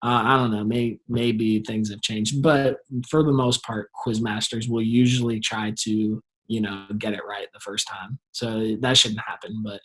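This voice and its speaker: A man with a low, husky voice speaks as a guest in a casual chat. His delivery is flat and hesitant, with many pauses and fillers. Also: low-quality recording. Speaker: guest and former quizzer.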